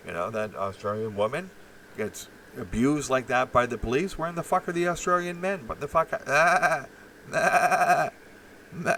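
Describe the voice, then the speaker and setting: A man's voice: fairly low pitch, fairly bright tone, recorded from a distance, slight background noise, poor audio. A man hosting a live stream, rambling profanely with many fillers and restarts while reacting to chat.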